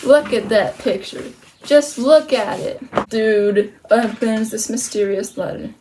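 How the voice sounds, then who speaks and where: A woman reads a children's book aloud as the host of a storytime channel. Her voice sits a little high. She reads with playful, animated energy and breaks off for slangy jokes. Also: takes it slowly, slight background noise, poor audio. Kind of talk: reading a children's book aloud with chatty asides.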